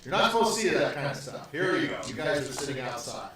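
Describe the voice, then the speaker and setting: A man's voice: fairly high pitch, big pitch swings, quick pace, a bit bright, very echoey, recorded from a distance. A man narrating as dungeon master of a tabletop game, switching into characters' voices as he goes.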